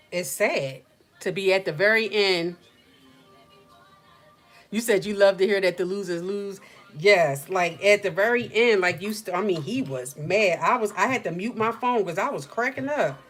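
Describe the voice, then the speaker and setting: A middle-aged woman hosting a casual livestream chat from home, telling stories in an animated, slangy way. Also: medium pitch, measured pace, soft background music. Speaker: livestream host.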